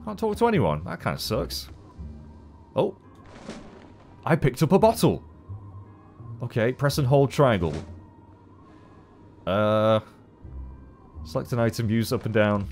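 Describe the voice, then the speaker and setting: A man giving chatty, animated gameplay commentary as a let's play host, swearing casually. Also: medium pitch, takes it slowly, long pauses, faint music behind.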